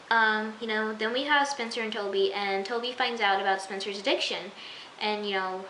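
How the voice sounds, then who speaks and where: A woman's voice: medium pitch, fairly bright tone. A young woman reviewing a TV episode in a casual, gushing way, chatty and full of fillers. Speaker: TV recap vlogger. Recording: echoey room with faint hiss.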